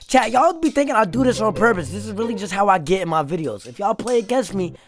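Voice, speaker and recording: A young man whose voice sits high talks fast and animatedly, with a crowd and background music audible behind him. The gaming YouTuber's commentary is hyped and profane as he playfully roasts opponents while playing.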